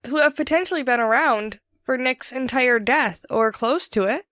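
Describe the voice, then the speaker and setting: A woman co-hosting a casual podcast about a book, blunt and profane, with quick asides. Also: sits high, a bit bright, no echo, clean studio sound. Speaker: podcast co-host. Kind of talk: casual book-discussion chat.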